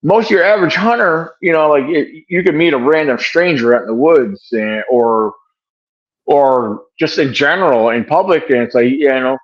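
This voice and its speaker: A man's voice: a little high, moderate pace, muffled recording. An older man, a researcher guest, answering interview questions casually from a room at home, rambling with many fillers and restarts over a video call. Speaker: wildlife and bigfoot researcher guest.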